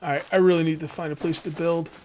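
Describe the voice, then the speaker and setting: A man's voice: fairly high pitch, flat delivery, quick pace, a little mellow, slight background noise. A man hosting a let's play, giving casual, rambling gameplay commentary and talking straight to his viewers.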